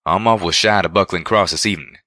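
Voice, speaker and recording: A man's voice: deep voice, fast, pushed and bright, no echo, clean studio sound. Man doing a folksy drawling cowpony.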